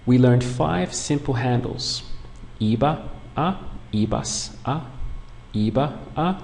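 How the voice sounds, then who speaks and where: A man teaching a beginners' language lesson online, explaining patiently and clearly step by step. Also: fairly low pitch, a little mellow. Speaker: Spanish teacher. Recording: long room reverb, faint background noise.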